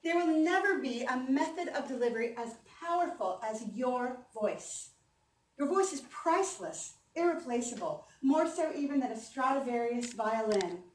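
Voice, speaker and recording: An upbeat woman voice coach speaks to a conference audience, her voice a bit high. It is recorded from a distance in an echoing hall with faint background noise. She coaches warmly and keeps the audience engaged. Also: animated, moderate pace. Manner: upbeat, encouraging, leads audience through breathing exercises. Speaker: voice coach giving a conference talk. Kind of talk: presentation on stage. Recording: roomy hall sound from a distance, faint ambience.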